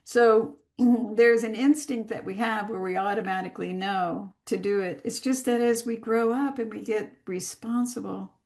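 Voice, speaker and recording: Gravelly-voiced woman teaching unhurriedly. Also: medium pitch, fairly even intonation, darkish tone. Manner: unhurried, deliberate with pauses. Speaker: master class teacher. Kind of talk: live online class talk. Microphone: video call.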